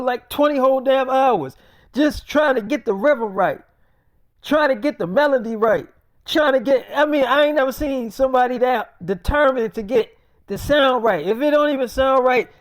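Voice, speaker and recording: A man improvising a profane, boastful, rambling story, often quoting others in a softer, lower voice. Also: moderate pace, dry recording.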